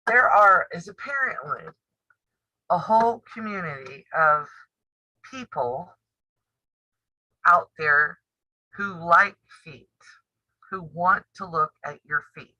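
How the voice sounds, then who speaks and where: A woman in her fifties chats live with her viewers, blunt and teasing, laughing often. Her voice is very bright and sharp. It sounds dry and a little dull, like a modest home mic. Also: on the low side, animated, takes it slowly, pauses often, no echo. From United States. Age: 50s. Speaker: sewing and quilting channel host. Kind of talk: casual live-stream chat.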